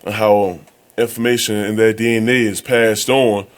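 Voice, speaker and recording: A man on a radio talk show, explaining earnestly and briskly. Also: lowish voice, steady tone. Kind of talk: casual radio chat.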